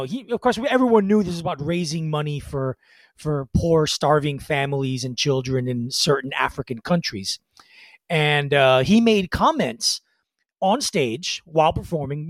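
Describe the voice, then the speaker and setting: A man's voice: fairly high pitch, no echo. A man co-hosting a podcast, chatting loosely about music history with many fillers and restarts. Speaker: podcast co-host.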